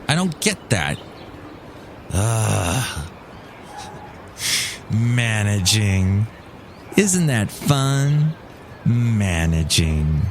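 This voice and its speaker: A man's voice: medium pitch, fairly bright tone, slight background noise. A middle-aged man hosting his own podcast in a casual solo monologue, wry and grumbling, slipping into mocking voices. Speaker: podcast host.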